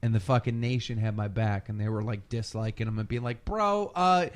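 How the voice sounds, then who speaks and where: A man chatting casually on a podcast, telling a story with lots of swearing and loud mimicry of other people. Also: on the low side, flat delivery, quick pace. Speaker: podcast guest.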